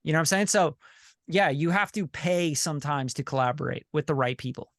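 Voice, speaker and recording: A man's voice: fairly high pitch, brisk, fairly bright tone, dry recording. A man coaching a member on a video call, blunt, profane and repetitive, often asking "you know what I'm saying". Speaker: sync licensing coach and group leader.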